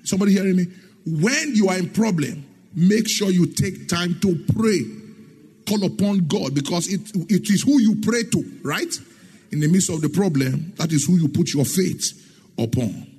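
A man's voice: high voice, lively intonation, normal speed, a little mellow, husky. A middle-aged man preaching a sermon in an emphatic, sing-song way, asking the congregation questions and acting out the dialogue in his stories. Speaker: pastor.

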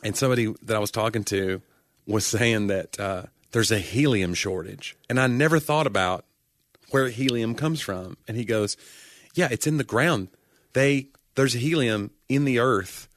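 A man co-hosting a podcast in casual chat, joking and breaking into loud comic voices. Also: medium pitch, normal speed, dry recording. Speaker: podcast co-host.

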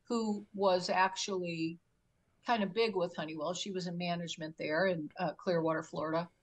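A woman's voice: on the low side, normal speed, rough recording. An older woman, a guest on an interview, telling a story vividly and acting out what people said. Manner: animated storyteller who acts out her own quotes. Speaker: guest, UFO experiencer.

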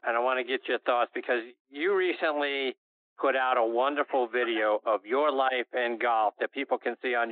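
A man's voice: medium pitch, no echo. A man hosting a radio interview who leads the guest with conversational questions. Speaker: radio show host. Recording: dry narrow phone-line sound.

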